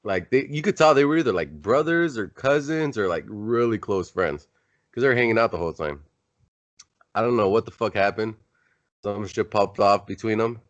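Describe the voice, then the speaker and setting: Brief: man, very low voice, laid-back podcast talker, profane, muffled lo-fi sound. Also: normal speed. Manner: laid-back, swears freely. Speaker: podcast co-host. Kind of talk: casual chat. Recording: dull lo-fi sound.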